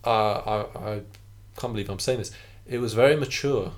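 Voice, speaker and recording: A man co-hosting a podcast, talking casually about a game with frequent restarts and fillers. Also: on the low side. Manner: halting, many restarts and fillers. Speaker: podcast co-host.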